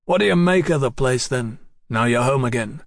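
A man's voice: mid-range voice, expressive, normal speed, gravelly, no room sound, clean studio sound. A man voicing a cheerful, practical male engineer in an audiobook, talking heartily. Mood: hearty.

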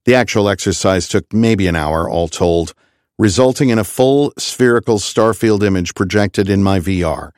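A man reading a first-person science fiction audiobook in an even, wry storytelling manner. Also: fairly low pitch, normal speed, smooth, dry recording, studio quality. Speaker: audiobook narrator. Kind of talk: scripted first-person narration.

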